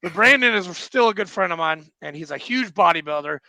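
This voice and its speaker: A man hosting a podcast, chatting casually in a joking, excitable way. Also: high voice, fairly quick, creaky, no echo. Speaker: podcast host. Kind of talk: casual interview chat.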